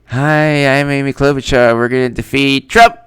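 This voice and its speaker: A stiff, earnest female politician , as a man mimics her, delivers a flat, mock-solemn campaign line. The voice stays smooth and resonant, with little change from his own. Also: medium pitch, normal speed, pitched above the performer's own voice, natural voice.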